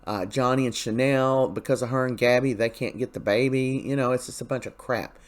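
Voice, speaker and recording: A man's voice: mid-range voice, steady tone, a little fast. A man giving a casual recap of a soap opera episode in a blunt, opinionated, colloquial way.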